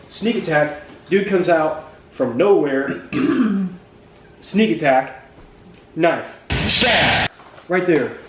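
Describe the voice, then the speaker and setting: A man telling a funny personal story, with jokey deadpan asides and acted-out sound effects. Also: fairly high pitch. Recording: roomy echo from a distant mic with music behind.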